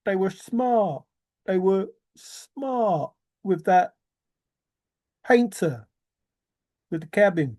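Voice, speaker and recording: A man's voice: high voice, expressive, extremely slow, pauses often, warm tone. A man rambling in a teasing, giggly solo monologue, often laughing and repeating words. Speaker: treasure-hunt video maker.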